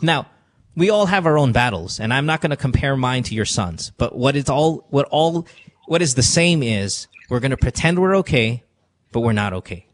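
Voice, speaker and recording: A man's voice: mid-range voice, animated, moderate pace. A man hosting a call-in podcast from a studio, talking earnestly and confessionally, repeating himself as he gives advice. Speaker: podcast host. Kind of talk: emotional call-in advice talk. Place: radio studio.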